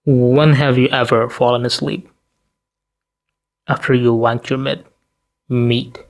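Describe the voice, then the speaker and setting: A man's voice: mid-range voice, little pitch movement, takes it slowly. A tired, sleepy man giving blunt, profane commentary and firing off rhetorical questions in a ranting vlog. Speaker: commentary vlogger.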